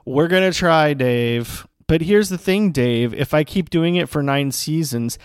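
A man hosting a podcast, closing the episode in a playful, animated way and reading out a listener review. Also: on the high side, measured pace, smooth, dry recording, studio quality. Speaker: podcast host. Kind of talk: casual podcast chat.

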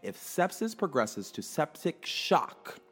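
Animated man telling a story. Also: on the high side, slow pace, husky, soft background music. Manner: animated, emphatic, swears freely. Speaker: clinic worker telling a story. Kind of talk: casual storytelling monologue.

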